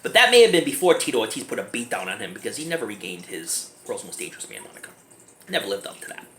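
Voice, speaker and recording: Giggly animated man reviewing a movie. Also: fairly low pitch, fast talker. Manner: giggly, animated, keeps breaking into laughter. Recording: echoey room, faint background noise.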